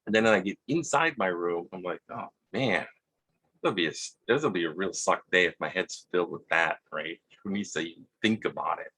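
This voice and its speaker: A man with a Hawaiian accent telling a rambling personal story, halting, repeating words and acting out quotes in a husky voice. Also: low-pitched, sharp tone. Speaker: vlogger.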